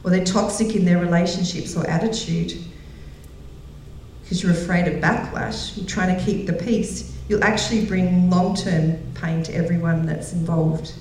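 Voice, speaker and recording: A woman's voice: fairly low pitch, fairly even intonation, moderate pace, a little mellow, a little hiss or hum. A middle-aged woman speaking at a women's gathering, telling stories, laughing often and acting out the voices of the people she quotes. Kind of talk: sermon. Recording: very echoey hall, voice heard from a distance.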